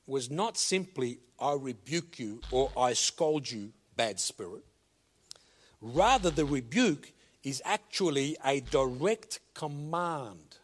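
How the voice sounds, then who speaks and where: Older male preacher, unhurried delivery, very animated pitch, loud commands and hushed asides. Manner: slow and emphatic, swinging between loud commands and low asides. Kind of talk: sermon.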